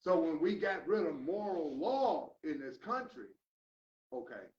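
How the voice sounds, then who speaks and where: An older man lectures a recovery class in a preachy way, firing loud rhetorical questions and then dropping to low mutters. His voice sits fairly high for a man. The recording is dull and lo-fi, caught from across an echoey room. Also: very animated, a little slow, far from the mic.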